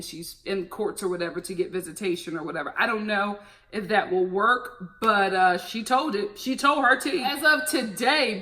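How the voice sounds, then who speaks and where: A woman recapping a reality show in a casual, gossipy, animated way, laughing often and using slang. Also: mid-range voice.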